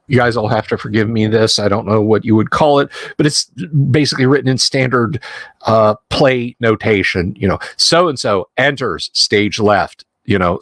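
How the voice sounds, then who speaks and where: A man narrating a tabletop horror game as game master, halting and full of restarts. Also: mid-range voice, dry recording, clean studio sound.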